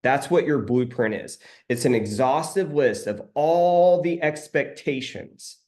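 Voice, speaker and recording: A man, a life coach, giving a motivational talk and slowly repeating his key phrases for emphasis. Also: medium pitch, darkish tone.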